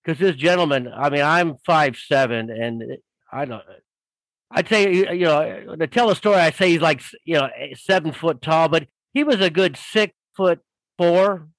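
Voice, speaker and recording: A man's voice: a little high, measured pace, a bit bright, no echo, rough recording. A man telling a story casually as a guest author, rambling with many fillers and doing voices for the people in it.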